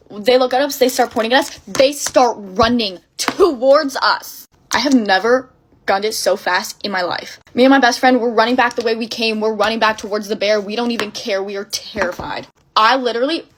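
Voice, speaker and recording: A young adult woman in a casual storytime, telling a tale in an animated, breathless way full of filler words. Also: fairly high pitch.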